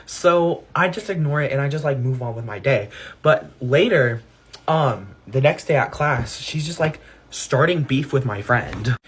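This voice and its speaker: A man's voice: mid-range voice, animated, unhurried, a bit bright, breathy edge. A man telling a story in a chatty, gossipy vlog style, full of asides. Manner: gossipy, chatty storytelling with many "like" and "mind you". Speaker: vlogger. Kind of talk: storytime get-ready-with-me vlog.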